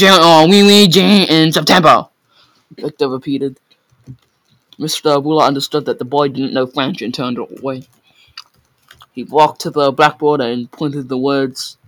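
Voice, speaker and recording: A man's voice: medium pitch, little pitch movement, unhurried, poor audio. A man reading a story aloud in a casual way, often stumbling over words and correcting himself.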